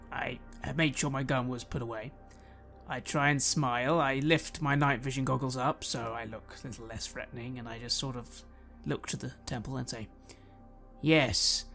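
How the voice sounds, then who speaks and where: Gravelly-voiced male player. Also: mid-range voice, a bit bright. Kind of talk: playing a tabletop game in character.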